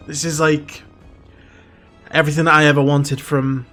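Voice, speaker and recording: A man hosting a reaction video, gushing with excited fan exclamations in casual commentary. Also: on the high side, normal speed. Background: faint show soundtrack music.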